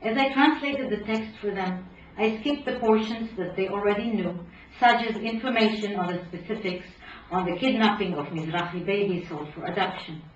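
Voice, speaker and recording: Woman professor reading aloud in a hall. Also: slight background noise. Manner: measured, dropping low at phrase ends. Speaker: professor giving a lecture. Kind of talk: reading aloud from her book. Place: lecture hall. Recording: roomy hall, distant dull mic.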